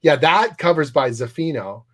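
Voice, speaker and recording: A man's voice: on the high side, moderate pace. A man, a comics writer as guest, telling stories animatedly in a casual interview and swearing freely. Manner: animated storyteller, swears freely, acts out quotes.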